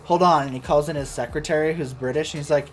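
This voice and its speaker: A man's voice: on the high side, fairly even intonation, quick pace, darkish tone, slight background noise. A man streaming a farming game, chatting casually and swearing freely with co-players. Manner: profane, rambling banter. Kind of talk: casual gameplay chat.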